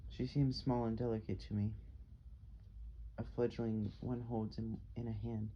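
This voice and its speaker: A man reading an audiobook in a measured, unhurried scripted narration. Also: lowish voice, level tone. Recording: dull audio with faint hiss.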